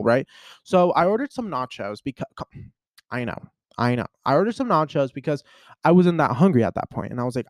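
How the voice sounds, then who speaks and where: Young guy vlogging, chatty and animated, lots of "like"s, mid voice, dry sound. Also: medium pitch, fairly quick, no echo. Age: young adult. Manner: chatty, animated storytelling with many fillers. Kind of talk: casual chat to camera.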